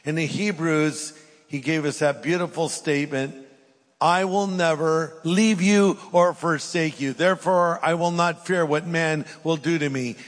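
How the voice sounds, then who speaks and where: A man's voice: fairly high pitch, fairly even intonation, unhurried, in a large hall. A middle-aged man preaching a sermon, reading scripture aloud and then pressing his points with emphasis. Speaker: pastor.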